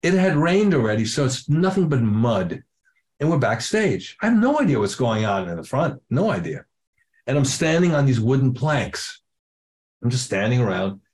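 A man's voice: mid-range voice, very animated, normal speed, a little mellow. An older man, a drummer being interviewed, telling a story with lots of acted-out quotes and casual swearing. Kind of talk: animated anecdote telling.

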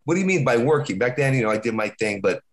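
A middle-aged man chatting casually as a podcast co-host, his pitch sitting right in the middle of the range. He rambles through his stories, stumbling and restarting often. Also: lively intonation. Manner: rambling, halting storyteller with many restarts. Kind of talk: casual chat.

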